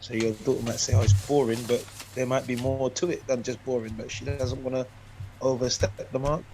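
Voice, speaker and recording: A man in a Bible study group, calmly and thoughtfully giving advice to another member. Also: medium pitch, a little fast, a little hiss or hum, poor audio. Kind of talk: casual group discussion.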